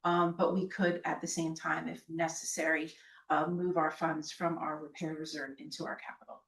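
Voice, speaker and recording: Slightly hoarse woman presenting a budget. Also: low voice, level tone. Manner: measured, explanatory, with frequent ums. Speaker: school district business official. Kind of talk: budget presentation at a public meeting. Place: school board meeting room. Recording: roomy meeting room, from a distance.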